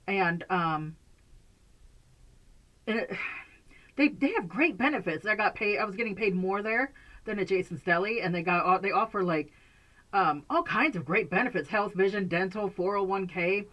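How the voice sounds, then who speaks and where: A woman's voice: medium pitch, moderate pace, a bit bright, muffled recording. A woman chatting casually to camera from a bedroom at home, rambling and laughing often. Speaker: vlogger.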